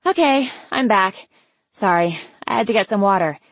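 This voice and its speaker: A woman reading an audiobook, voicing an excitable young woman, a teasing best friend who talks loudly with plenty of exclamation. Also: medium pitch, normal speed, dry recording. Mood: breathless teasing. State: out of breath. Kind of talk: audiobook character voice.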